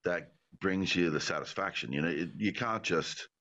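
A man with a very deep voice chats easily in a radio interview, joking and laughing as he goes. The sound is a bit muffled and dull. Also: moderate pace, a bit bright. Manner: easygoing, jokey, chuckles often. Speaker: actor guest.

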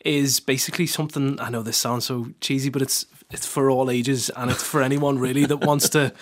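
A man's voice: medium pitch, steady tone, a little fast. A man in his thirties, a country singer guesting on a radio show in a studio, talking in an easygoing, modest way with frequent laughs. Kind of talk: casual radio interview.

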